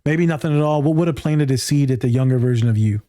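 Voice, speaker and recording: Podcast host, man, mellow warm tone, emotional, animated, swears freely. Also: mid-range voice, fast talker. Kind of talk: casual conversation.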